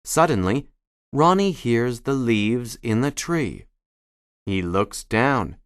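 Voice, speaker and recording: A narrator reading a children's storybook aloud in a scripted, lively way, calling out the characters' cries. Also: medium pitch, slow, no room sound. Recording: dry studio with soft music behind.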